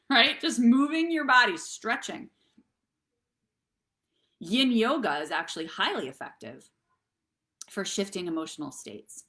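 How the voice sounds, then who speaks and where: A woman's voice: medium pitch, sharp tone. A woman hosting a live online talk show, giving earnest, encouraging advice and speaking straight to her viewers. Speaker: host and therapist.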